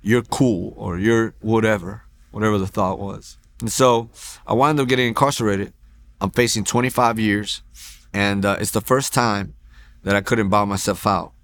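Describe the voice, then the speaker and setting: A man telling his personal faith testimony at a church, in a casual, animated storytelling way that acts out quoted lines, with frequent restarts. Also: lowish voice, moderate pace. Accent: Texan. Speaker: testimony speaker.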